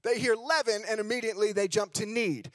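A man's voice: high voice, fairly even intonation, fairly quick, dry recording, studio quality. A man from Australia with an American accent, preaching a sermon as a guest preacher and leading prayer, fervent and fond of repeating "just". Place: decorated church hall.

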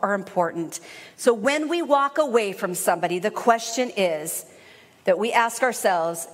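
A woman preaching a sermon, telling a personal story in an earnest way and building up to shouted praise. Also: mid-range voice. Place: church sanctuary. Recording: long hall reverb.

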